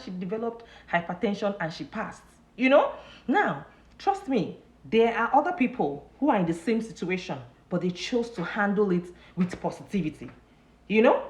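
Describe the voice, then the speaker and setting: Her mid-range voice rings with reverb as she hosts an informal live motivational session. The talk is loose, repetitive and packed with "you know" fillers, and her own anecdotes regularly set her laughing.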